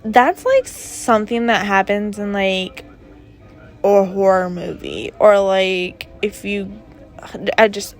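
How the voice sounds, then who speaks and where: A woman's voice: medium pitch, takes it slowly, soft background music. A young woman hosting a casual solo podcast from her bedroom, rambling through stories with lots of fillers and asides. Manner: chatty, rambling with many fillers. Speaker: podcast host. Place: bedroom at her parents' home.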